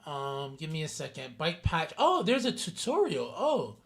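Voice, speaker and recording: A man's voice: fairly high pitch, huge pitch swings, measured pace. A man streaming a city-building game, chatting casually with his viewers by name and swearing freely. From New York City. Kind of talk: casual live-stream gameplay commentary.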